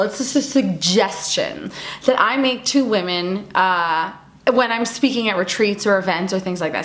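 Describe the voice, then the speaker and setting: A woman's voice: medium pitch, a bit bright, roomy sound. A young adult woman talking to camera in a casual, earnest and encouraging way, repeating words for emphasis. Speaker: women's event speaker and video creator.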